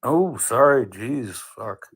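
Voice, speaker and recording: A man's voice: medium pitch, expressive, slow, slightly rough. A man being interviewed who answers in a laid-back, fumbling way and swears casually.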